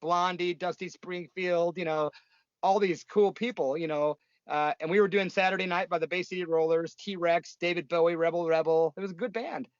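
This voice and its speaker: A man's voice: sits high, steady tone, moderate pace, clear, resonant tone, dry recording, lo-fi sound. A man, a punk musician telling stories in a casual interview, blunt and profane, rambling with lots of fillers.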